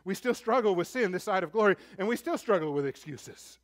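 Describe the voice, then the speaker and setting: A man preaching a sermon as pastor, earnest and pleading, building to emphatic points and then dropping low and soft. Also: lively intonation, a little fast. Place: church.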